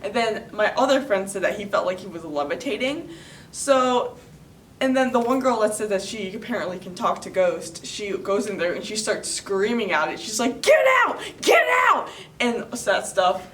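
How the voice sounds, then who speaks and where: A woman's voice: mid-range voice, normal speed. A teenage girl from Florida casually telling a personal story, chatty and full of filler words. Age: teens. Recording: roomy sound from a distant mic, faint noise.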